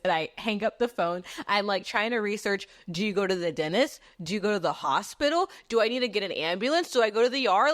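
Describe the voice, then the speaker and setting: A young woman, hosting a podcast and telling a story in a dramatic, animated way, swearing freely and acting out what people said. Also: medium pitch, a little fast, no echo, studio quality. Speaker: podcast host. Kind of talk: casual storytelling monologue.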